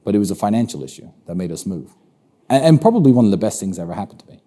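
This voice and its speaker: A man with a British accent speaks in a very dark, mellow voice that sits on the low side. He answers interview questions assertively and states firm opinions. He often repeats a phrase to press a point. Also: big pitch swings, racing. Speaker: interview guest.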